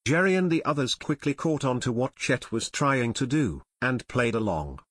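A man narrating an audiobook in a steady storytelling manner, recorded close on a studio mic. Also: medium pitch, normal speed, few pauses, no room sound. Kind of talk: scripted narration.

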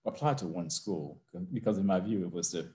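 An older man with a low-pitched, warm voice, who is a university president. Over a video call from his office he tells a heartfelt personal story, slow and emotional at first and building to rousing emphasis.

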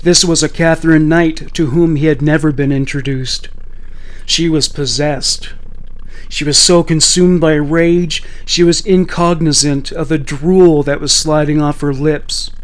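Man narrating true crime, slightly high. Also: steady tone. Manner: measured, blunt storytelling with profanity.

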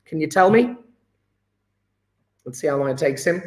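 A man's voice: on the high side, expressive, normal speed, darkish tone. A man teaching a live online chemistry lesson, chatty and encouraging, quizzing students by name. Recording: echoey room.

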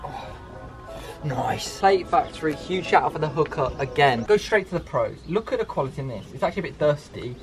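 Jokey guy showing car gear outdoors, bouncy up-and-down voice, music bed underneath. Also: brisk. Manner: excitable and jokey, with sudden high yelps. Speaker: car vlogger. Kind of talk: casual car accessory vlog.

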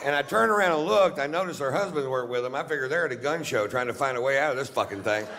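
A man's voice: mid-range voice, expressive, quick pace. A man doing stand-up storytelling on a large theater stage, laid-back and profane. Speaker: stand-up comedian. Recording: reverberant hall with audience noise.

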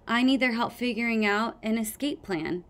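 A woman voicing a bold, defiant young female sea dragon who argues back quickly, in a storybook reading. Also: on the high side, a bit bright, lightly acted.

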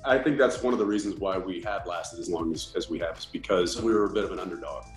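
A man in his forties, an actor, giving a thoughtful, measured interview and reflecting on his series. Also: low voice, soft background music. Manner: thoughtful, measured, imitates others while telling stories. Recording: roomy interview room.

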